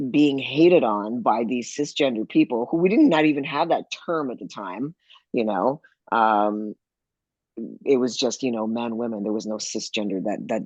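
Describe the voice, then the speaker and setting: A man's voice: medium pitch, dry recording. Man telling stories, muffled dry sound. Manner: animated, acts out quoted people. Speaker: guest. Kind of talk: conversational storytelling.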